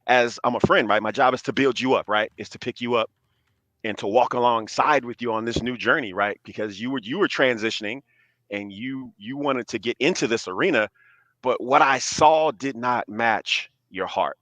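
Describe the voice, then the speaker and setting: A man in his forties talks as a podcast guest, earnest and measured, often tagging his points with "right?". His voice sits in a middle range and is recorded close and dry, with no room echo. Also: medium pitch, fairly bright tone. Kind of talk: casual chat.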